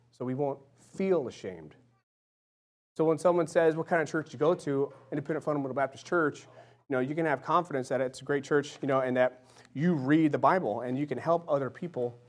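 A man in his thirties preaching a casual sermon, conversational, often checking in with "right?" and "amen?", sometimes acting out little voices and dropping soft and low. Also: a little fast.

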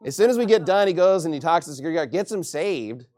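Preacher from Texas, a man with a high voice, lively, jokey, emphatic delivery. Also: racing. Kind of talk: sermon.

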